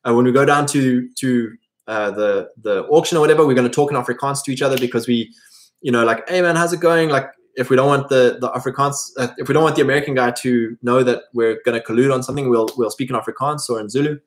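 A man's voice: mid-range voice, steady tone, fast talker. Rambling South African man. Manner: rambling, many fillers and restarts. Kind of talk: casual monologue.

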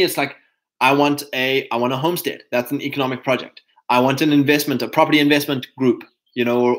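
A man's voice: mid-range voice, a bit bright. A man giving a casual, rambling motivational talk to other men as a podcast host, full of fillers and restarts, calling his listeners chaps.

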